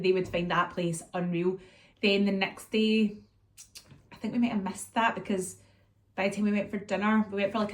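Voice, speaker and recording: A woman with a Scottish accent chatting casually to her viewers, telling animated stories and acting out what was said. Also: mid-range voice. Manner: chatty and animated, acts out scenes and quotes her kids. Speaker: vlogger catching up with viewers. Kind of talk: casual chat, storytelling.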